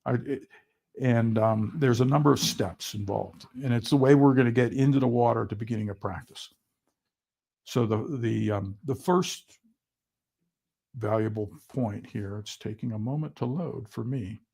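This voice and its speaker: Husky, gravelly man giving a seminar. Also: medium pitch, a little mellow. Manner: halting, with frequent ums and restarts. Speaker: swim coach presenting a seminar. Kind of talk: online seminar talk with slides.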